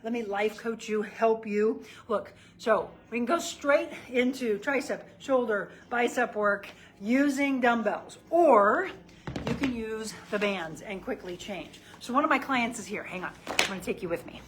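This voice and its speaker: A woman's voice: on the high side, a little slow, a little hiss or hum, low-quality recording. A middle-aged woman from the St. Louis area, a personal trainer chatting casually on a live stream while she demonstrates exercises. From St. Louis area, Missouri. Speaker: personal trainer and life coach.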